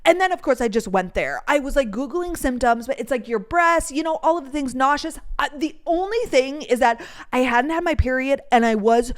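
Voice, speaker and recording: A young woman with a voice on the high side talks a little fast. She hosts a podcast, chatting casually through a rambling storytime in a bubbly way with plenty of "like."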